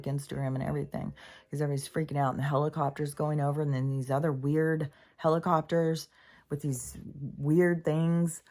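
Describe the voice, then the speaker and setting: A woman's voice: low-pitched, darkish tone. A middle-aged woman vlogging about spirituality in a meandering, casual monologue, full of fillers and swearing.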